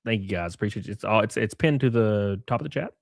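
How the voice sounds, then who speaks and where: A man's voice: on the low side, fast, creaky, no echo, clean studio sound. A man hosting a live stream, reading tweets aloud with sarcastic, profane commentary and calling everyone "brother". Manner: animated, sarcastic, profane, keeps saying "brother". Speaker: streamer host.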